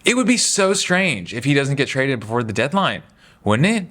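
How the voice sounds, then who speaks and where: A man's voice: medium pitch, moderate pace. Chatty, opinionated young-sounding man. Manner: chatty, animated, does mocking voices for quotes. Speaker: basketball commentary host. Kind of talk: casual opinionated sports talk.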